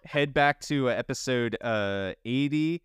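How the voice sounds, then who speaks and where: A man's voice: medium pitch, measured pace, fairly bright tone, clear, resonant tone. A man co-hosting a podcast, recounting folklore in a casual, self-deprecating way. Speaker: podcast co-host. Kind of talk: casual chat.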